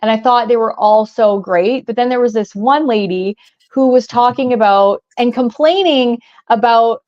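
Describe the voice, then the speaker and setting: Young woman co-host, casual chatty storyteller, slightly high voice, muffled recording. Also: moderate pace, a little mellow. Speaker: podcast co-host. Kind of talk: casual chat.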